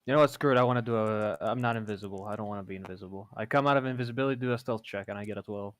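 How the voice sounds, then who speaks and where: A man's voice: fairly low pitch, racing, dry recording, studio quality. A man taking part as a player in a tabletop game, eager and self-assured. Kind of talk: casual game chat.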